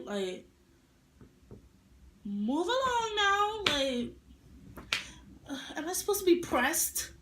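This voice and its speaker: Young woman, storytime vlogger, sassy and animated, higher voice, roomy echo. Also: measured pace. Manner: animated, acting out quotes with attitude. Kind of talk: casual storytime vlog. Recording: echoey room.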